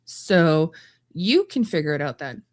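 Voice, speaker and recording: A woman's voice: low voice, very animated, a little slow. Blunt, ranting woman podcast host. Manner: blunt, exasperated, stumbles and restarts while ranting. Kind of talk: opinionated solo commentary.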